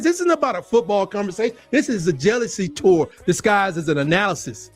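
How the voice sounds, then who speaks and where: A man's voice: sits high, expressive, fairly quick, few pauses, soft background music. A man giving a heated, mocking sports rant, repeating himself for emphasis. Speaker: sports commentator.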